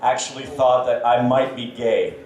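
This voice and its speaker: A Canadian man in his thirties doing a stand-up set on stage, self-deprecating and halting, with many fillers. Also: mid-range voice, steady tone, a little mellow, very echoey, far from the mic. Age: 30s. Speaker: stand-up comedian. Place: comedy club stage. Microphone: handheld stage mic.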